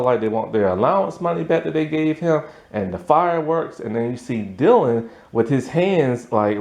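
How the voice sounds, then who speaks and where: A man casually recapping a TV episode, telling it in an animated way with lots of "like" and "um" and frequent laughter. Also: mid-range voice, gravelly. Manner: animated storytelling, lots of fillers, laughs often. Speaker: TV episode reviewer.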